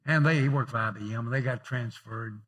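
A male pastor preaching a sermon in a conversational way, telling personal stories and swinging from emphatic lifts to softer asides. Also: medium pitch, a little fast, husky. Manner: rising emphatic openings then dropping softer.

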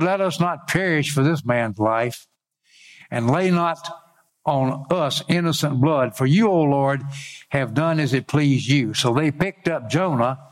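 A man preaching a sermon, reading scripture aloud and breaking off into folksy asides. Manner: reads scripture aloud with rising pitch, adds folksy asides.

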